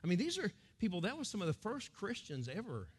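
A middle-aged American man preaching with a high voice that swings widely from low murmurs to soaring cries. He acts out crowds and quotes in sudden loud bursts. He speaks as a pastor giving a sermon. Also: wildly swooping pitch, fast talker, slightly rough. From United States.

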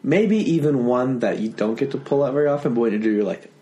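A man's voice: medium pitch, fast, dark tone. A man hosting a casual podcast, talking loosely with swearing and jokes. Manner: loose, profane, joking. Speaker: podcast host.

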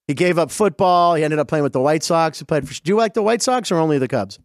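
A middle-aged man from western Pennsylvania hosting a sports show, telling stories over game clips in a chatty, digressive, excited way. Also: fairly high pitch, fast, no room sound, clean studio sound.

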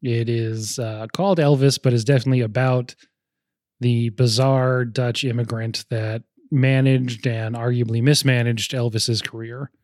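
A man's voice: medium pitch, steady tone, unhurried, a little mellow, no echo, studio quality. A man hosting a casual movie podcast, talking in a chatty, rambling way with frequent restarts. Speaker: podcast host. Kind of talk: casual chat about movies.

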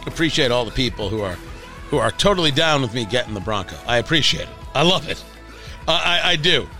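A man's voice: high-pitched, sharp tone. A man hosting a talk radio show, giving chatty, opinionated commentary with frequent restarts and asides. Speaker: radio host.

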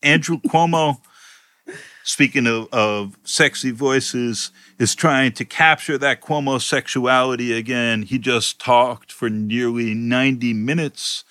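A man's voice: mid-range voice, slow, sharp tone, dry recording. A man hosting a podcast, chatting casually about politics in a blunt, wry way and cutting in when he has a point to make. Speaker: podcast host. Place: home in a city, remote recording.

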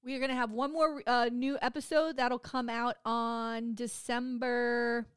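Woman, middle-aged, high-pitched, animated, swears a lot, casual podcast chat, dry sound. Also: measured pace, clear, resonant tone, no room sound. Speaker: podcast co-host.

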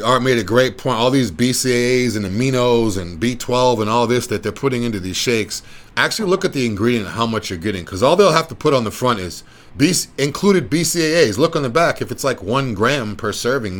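A man's voice: medium pitch, animated, a little fast, a bit bright. A man who runs a wellness clinic, talking casually and persuasively in a rambling, repetitive way and pushing his point again and again. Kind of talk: casual explanatory talk.

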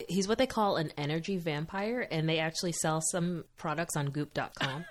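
A woman's voice: sits low, moderate pace. A woman co-hosting a podcast in casual chat, jokey and playfully dramatic. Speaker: podcast co-host.

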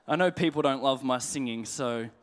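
A man preaching a sermon in a conversational, humorous way, slowing down to read scripture aloud. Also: mid-range voice. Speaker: pastor.

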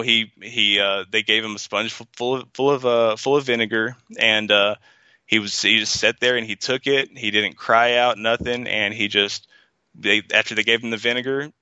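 A man's voice: fairly low pitch, sharp tone, clear, resonant tone, no echo, dull audio. A man in a casual podcast discussion, talking in a rambling way with many fillers and restarts. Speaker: podcast co-host.

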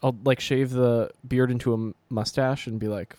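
Wry mid-pitched male co-host. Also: fairly even intonation, normal speed, a little mellow, no room sound. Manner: dry, wry banter. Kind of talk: casual chat.

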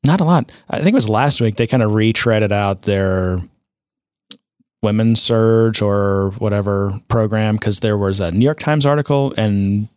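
A man's voice: on the low side, unhurried, a little mellow, smooth, no echo, studio quality. A man co-hosting a casual tech podcast, rambling and sardonic, with many fillers and restarts. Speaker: podcast co-host.

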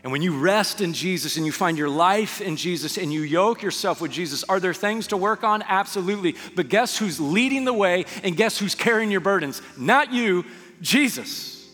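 A male pastor delivers a sermon in a slightly high voice, acting out quotes and then easing into soft, hushed phrases. His voice rings through a reverberant hall while faint music plays underneath. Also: lively intonation, moderate pace. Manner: preaching with dramatic quoted asides, dropping to soft hushed tones.

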